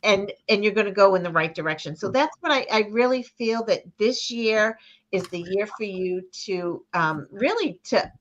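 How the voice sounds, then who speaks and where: A woman with a Boston accent doing an intuitive card reading on a video call, speaking haltingly with many restarts. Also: mid-range voice, lo-fi sound. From New England, near Boston. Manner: halting, restarts often, talks of spirit and intuition. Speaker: card reader and co-host. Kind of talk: live card reading chat.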